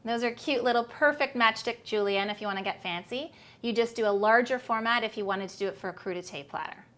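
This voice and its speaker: A woman's voice: fairly high pitch, fast, a bit bright. A woman hosting a cooking demonstration, chatty and upbeat with playful asides. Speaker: cooking show host.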